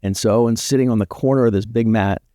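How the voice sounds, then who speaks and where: Male podcast guest, laid-back storyteller, lowish warm voice, dry close sound. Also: fast, no room sound. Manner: relaxed storyteller with frequent "like" fillers. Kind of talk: casual storytelling chat.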